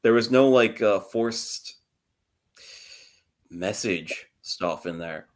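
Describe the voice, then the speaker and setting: Young male podcast co-host, low voice, casual rambling storyteller. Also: slow pace. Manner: rambling, laughs often, swears casually. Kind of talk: casual chat.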